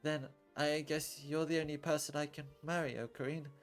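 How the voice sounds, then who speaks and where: A man voicing a gentle, childlike teenage girl in a soft high falsetto, reading a visual novel aloud. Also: little pitch movement, normal speed, soft background music, lightly acted. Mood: tearful. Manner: high soft falsetto, speaks of herself in third person.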